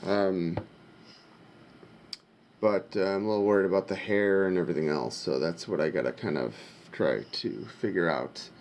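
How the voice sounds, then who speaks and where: A man narrating a casual vlog as a father, talking in a halting way as he thinks aloud. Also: sits low, a little mellow, slight background noise. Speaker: father vlogger.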